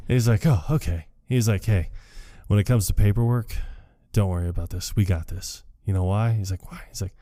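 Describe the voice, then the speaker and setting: A man's voice: fairly low pitch, brisk, mellow. A man co-hosting a podcast, casually retelling a film scene by scene and acting out the lines in shifting voices, laughing often. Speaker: podcast co-host. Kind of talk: casual chat recapping a film.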